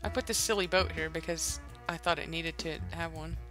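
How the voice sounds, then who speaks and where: A woman's voice: low-pitched, steady tone, fairly quick, a bit bright, faint music behind. A woman chatting casually while playing a building game, musing aloud with hesitant asides and giggles. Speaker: Minecraft let's-play host. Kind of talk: casual gameplay chat.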